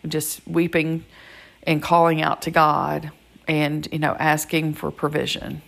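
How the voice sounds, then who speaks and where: A woman hosting a devotional podcast, speaking earnestly and personally with pauses and fillers, her voice a bit crackly today. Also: low voice, completely flat delivery, gravelly, a bit bright. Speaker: podcast host.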